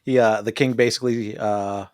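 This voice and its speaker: A podcast co-host recaps a TV episode in casual, jokey chat, swearing and laughing a lot. His voice is on the low side and a little mellow, with fairly even intonation and a moderate pace, captured as clean studio sound with no echo.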